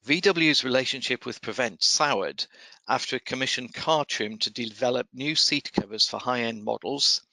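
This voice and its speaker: A man hosting a podcast, reading procurement news in a measured, dryly wry way and then interviewing a guest. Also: mid-range voice, gravelly, sharp tone, no room sound, rough recording. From United Kingdom. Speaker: podcast host. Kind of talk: scripted news commentary and interview.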